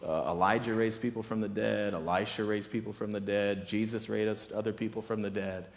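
A man's voice: on the low side, steady tone, brisk, vocal fry. Conversational male pastor in a reverberant hall. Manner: conversational, repeats words and restarts, emphatic. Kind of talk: sermon.

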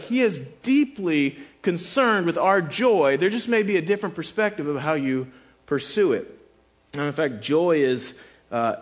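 A middle-aged male pastor preaching a sermon in a casual, conversational way, with quick asides and self-deprecating stories. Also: a little high.

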